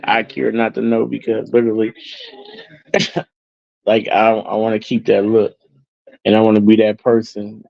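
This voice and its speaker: A man's voice: mid-range voice, no echo. Earnest man talking casually, dull audio. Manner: earnest, repetitive, filled with "you know what I'm saying". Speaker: host. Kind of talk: casual heartfelt talk.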